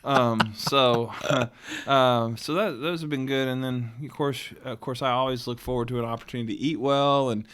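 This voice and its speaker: A man's voice: mid-range voice, steady tone, normal speed, background noise. A man from Florida co-hosting a podcast, telling a family holiday story in a rambling, laughing, casual way. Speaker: podcast co-host. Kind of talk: casual chat, personal storytelling.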